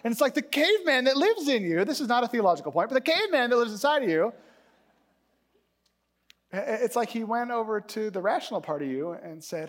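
Guy preaching a sermon, pretty high voice, bounces all over the place doing little character voices. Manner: animated storytelling, acting out characters in quick voices. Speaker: pastor.

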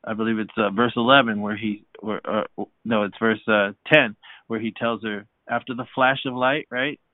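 A man's voice: on the low side, steady tone, moderate pace, dry recording. A man leading a podcast Bible study, preaching fervently with frequent hallelujahs and restarts. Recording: dry, phone-like sound.

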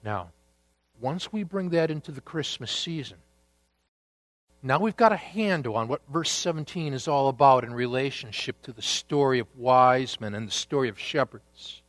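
A man preaching a sermon, deliberate and emphatic, with dramatic pauses. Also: medium pitch, animated, a bit bright, no echo. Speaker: pastor.

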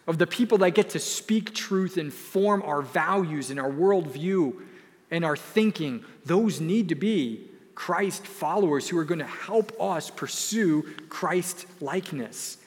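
A young man preaching a sermon as pastor, earnest and emphatic, repeating key phrases. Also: fairly high pitch. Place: church sanctuary. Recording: long hall reverb.

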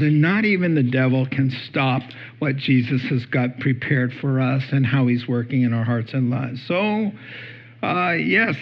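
Guy preaching a sermon, earnest, gets emphatic, kinda muffled lo-fi sound. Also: fairly high pitch. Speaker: pastor.

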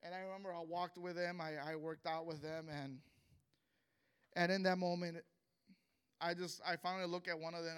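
High, bright-voiced man telling a testimony. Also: little pitch movement, clean tone. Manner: earnest and emotional, halting with many restarts. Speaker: speaker sharing a personal testimony. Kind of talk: emotional spoken testimony.

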